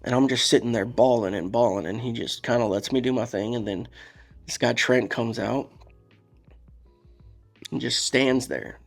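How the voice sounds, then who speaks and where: A man's voice: medium pitch, normal speed, vocal fry, long pauses. Man, podcast guest, candid emotional storytelling, faint music. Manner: candid, emotional, rambling with restarts. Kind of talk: casual storytelling.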